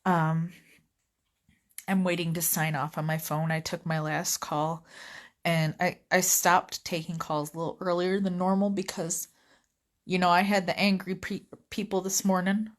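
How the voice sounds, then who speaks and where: Woman, lowish voice, rambling casual work rant, easily sidetracked. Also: level tone, a little slow. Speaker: vlogger, customer service rep.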